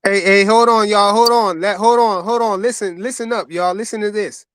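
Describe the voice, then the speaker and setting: Excitable high-voiced man cutting in. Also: normal speed, clean tone, no echo. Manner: loud, excitable, cuts in with "hold on". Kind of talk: casual sports debate.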